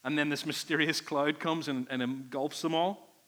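Earnest preacher, fairly high voice. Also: male voice, steady tone, normal speed, a bit bright. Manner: earnest, emphatic preaching with repeated phrases. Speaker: pastor. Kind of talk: sermon.

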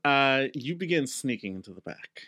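Male game master, lively pitch, loose rambling narration, dry sound. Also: moderate pace, dry recording.

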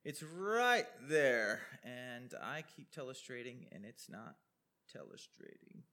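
A man's voice: mid-range voice, big pitch swings, slow pace, pushed and bright. A man preaching a sermon, explaining a Bible passage over slides in a conversational way, with questions and asides.

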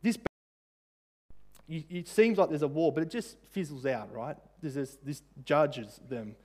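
Man preaching in a slightly high voice. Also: measured pace, darkish tone. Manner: conversational, with frequent fillers and rhetorical questions. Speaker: pastor. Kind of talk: sermon.

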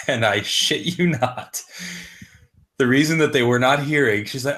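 A man's voice: medium pitch, slow pace, pauses often, bright, forceful tone. A man in his thirties co-hosting a podcast, telling stories with profane jokes and frequent laughs. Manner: joking, profane, laughs often. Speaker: podcast co-host. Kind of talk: crude casual podcast banter.

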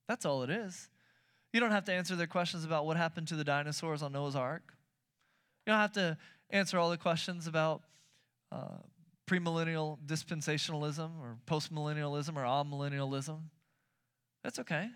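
In his sermon, a pastor in his thirties tells stories with animation, acts out quotes of himself, and repeats words when excited. His pitch is fairly high and his delivery brisk.

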